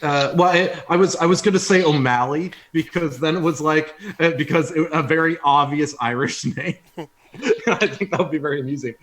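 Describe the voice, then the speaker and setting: A man's voice: a little high, moderate pace, a bit bright. A man playing a tabletop role-playing game who talks hesitantly, with many fillers and restarts. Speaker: player. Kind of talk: casual tabletop role-play talk.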